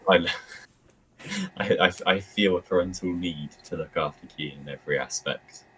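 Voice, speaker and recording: A man's voice: low voice, normal speed, a bit bright, slightly rough, rough recording. A young man, co-hosting a podcast and making dry, teasing remarks in a casual chat. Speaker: podcast co-host.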